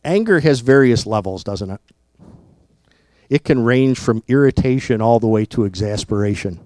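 A man preaching a sermon in a deliberate, emphatic way, often asking rhetorical questions. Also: medium pitch, animated, darkish tone, no room sound.

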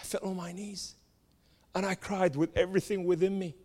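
A man's voice: high-pitched, level tone, normal speed. Impassioned man preaching in a reverberant hall. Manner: dramatic, swings from loud cries to hushed tones. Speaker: preacher giving testimony. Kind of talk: impassioned sermon testimony. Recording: long reverb of a large hall.

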